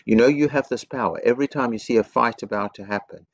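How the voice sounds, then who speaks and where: A man, a headteacher, giving a school assembly to young children with slow, simple explanations and lots of repetition. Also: mid-range voice, no echo, muffled recording.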